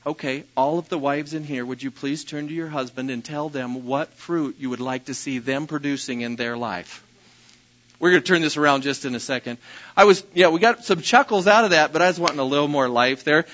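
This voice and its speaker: A man preaching a sermon as pastor, telling personal stories with a self-deprecating manner and occasional loud bursts. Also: a little high, brisk, lo-fi sound.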